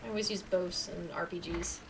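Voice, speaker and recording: A woman's voice: lowish voice, fairly even intonation, brisk, recorded from a distance, noisy background. A woman streaming a video game, chatting in a playful, self-mocking way as she plays. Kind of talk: casual gameplay chat.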